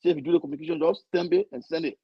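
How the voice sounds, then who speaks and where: A man speaking as a guest on a talk show, animated, acting out other people's words as he argues. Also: a little high, racing, slightly rough, dry recording, muffled recording. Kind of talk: casual talk show discussion.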